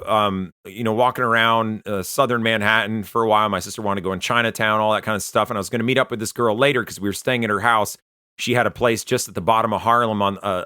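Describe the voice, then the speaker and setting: A man giving an earnest, conversational personal testimony, often pausing and restarting as he tells his story. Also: on the low side, bright, forceful tone, no room sound, clean studio sound. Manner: earnest, conversational, halting retelling. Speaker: Christian testimony speaker.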